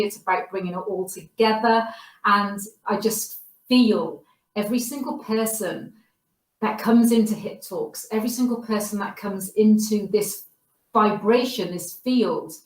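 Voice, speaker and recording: A woman host introducing a speaker, effusive and full of praise. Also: medium pitch. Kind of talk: warm introduction speech. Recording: roomy, distant mic.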